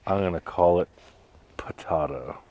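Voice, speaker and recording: A man's voice: fairly low pitch, lively intonation, moderate pace. A man, a car builder hosting a restoration video, bantering casually with dry teasing jokes.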